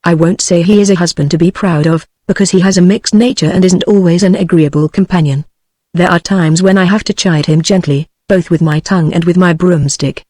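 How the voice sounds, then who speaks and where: A text-to-speech woman with a British accent voicing a calm, cool young Munchkin woman in a storybook, in an even synthetic voice. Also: fairly low pitch, brisk, no room sound, clean studio sound, natural voice. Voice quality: smooth synthetic reading voice.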